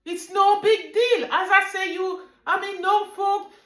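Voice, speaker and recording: A woman's voice: very high-pitched, fairly even intonation, unhurried, fairly bright tone, roomy sound, pitched above the performer's own voice. A woman voicing a dismissive female business rival who breezily brushes off blame, in a raised voice.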